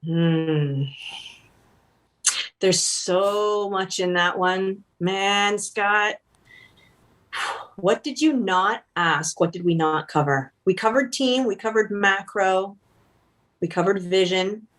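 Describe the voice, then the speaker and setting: A woman's voice: medium pitch, slow pace, pauses often, a bit bright. A woman from Canada, a business consultant guest, explaining earnestly with examples and laughing often in a casual interview.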